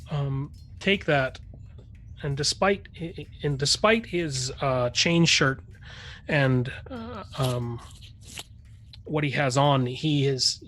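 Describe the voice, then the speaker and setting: A man's voice: fairly high pitch, a bit bright, a little hiss or hum. A man running a tabletop game as game master, narrating with many fillers and restarts.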